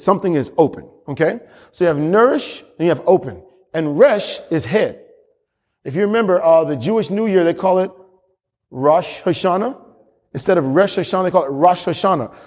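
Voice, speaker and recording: A man's voice: high voice, a little mellow. Man preaching in a reverberant hall. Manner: emphatic preaching with repetition and chuckles. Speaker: pastor. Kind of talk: sermon.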